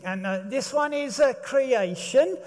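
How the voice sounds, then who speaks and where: A man voicing a fussy, apologetic church museum guide who shows visitors around slowly. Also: extremely high pitch, lively intonation, a little mellow, long reverb tail, voice pushed up, full character voice.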